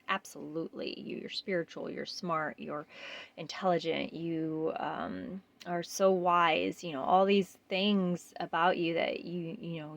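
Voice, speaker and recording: A woman gently leading a self-love mirror exercise, speaking earnestly with frequent pauses and fillers. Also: fairly low pitch, muffled recording. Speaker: self-care guide.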